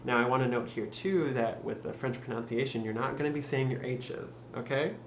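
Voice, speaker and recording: A man's voice: medium pitch, steady tone. Young man, casual upbeat tutor, laughs easily; echoey room, faint noise. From Michigan. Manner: upbeat, laughs often, slows for drilled phrases. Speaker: YouTube tutor.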